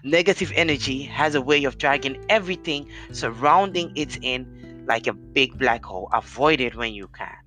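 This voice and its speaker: A podcast host with a deep, commanding voice, giving an earnest, encouraging motivational talk straight to listeners. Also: expressive, normal speed, sharp tone, faint music behind.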